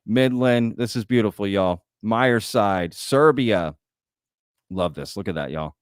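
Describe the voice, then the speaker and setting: Man, host, casual live-stream commentary, folksy and chatty, smooth clear voice, lowish pitch, dry close sound. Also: measured pace, no echo. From Texas.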